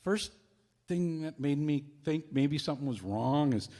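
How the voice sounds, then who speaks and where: A middle-aged man at an open mic, telling a humorous personal story with animated comic suspense. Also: a little high, a little slow. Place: community open mic stage. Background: guitar music.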